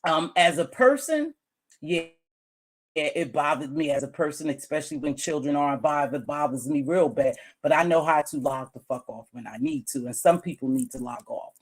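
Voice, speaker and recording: Woman, low-pitched voice, casual commentary, chatty, musing, repetitive, chewing gum. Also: moderate pace. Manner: chatty, musing, repeats herself; chewing gum while talking. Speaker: YouTube commentator.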